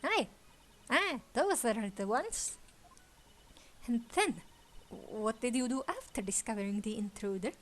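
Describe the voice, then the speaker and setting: Woman playing a high-pitched blustering boy-like guard, boastful, touchy about his name, game dub. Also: animated, a little slow, pauses often, fairly bright tone. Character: boastful, childish young male tower guard.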